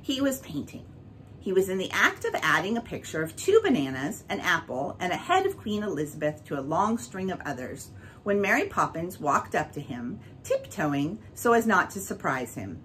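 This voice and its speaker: Woman storyteller, lively children's read-aloud, lowish voice, faint hiss behind. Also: moderate pace, poor audio. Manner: expressive, varied reading.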